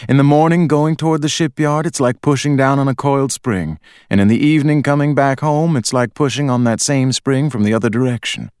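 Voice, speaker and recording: A man's voice: medium pitch, brisk, few pauses, darkish tone, clean tone, no echo, studio quality, voice pushed up, close to an everyday voice. A man voicing a worried mother in an audiobook, motherly and soothing in manner. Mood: reassuring.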